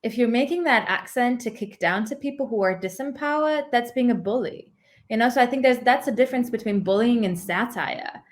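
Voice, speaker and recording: Thoughtful woman academic guest. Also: a little high. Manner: thoughtful, measured, many "um"s. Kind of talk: conversational interview.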